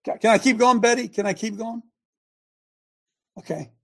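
Husky-voiced man hosting a lively monologue. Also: very high-pitched, moderate pace. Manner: animated, emphatic, repeats himself, often laughs. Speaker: show host. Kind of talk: casual talk show monologue.

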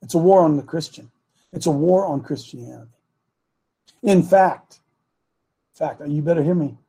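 A male talk show host preaches into a studio microphone in a rather high voice. His voice is husky. He speaks emphatically, repeats key lines and draws them out slowly for weight. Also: warm tone.

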